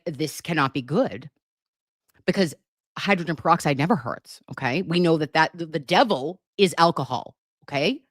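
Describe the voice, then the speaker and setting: A woman with a low voice chats to her livestream viewers in a gushing, dramatic way. A sore tongue gives her a slight lisp. The sound is dry and close. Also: fairly bright tone, no room sound. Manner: gushing, chatty and dramatic, reads viewer comments. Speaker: livestream host. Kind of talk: casual livestream chat.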